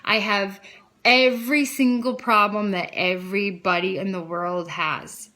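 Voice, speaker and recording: In a medium-pitched, steady, sharp-toned voice at a measured pace, a woman shares a casual personal testimony of her faith while talking into the camera as a vlogger. She rambles emotionally and often quotes herself and others with "I'm like."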